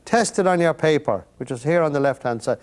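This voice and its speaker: A man's voice: on the high side, lively intonation, fairly quick, darkish tone. An older Irish man hosting a painting lesson, chatting to the viewer in rambling, folksy asides while he works. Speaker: painting instructor and host.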